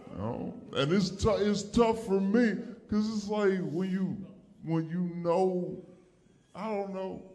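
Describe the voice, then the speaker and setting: Slow, easygoing male stand-up comic. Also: medium pitch. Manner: animated storytelling, acts out dialogue in raised voices. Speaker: stand-up comedian. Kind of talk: stand-up comedy set.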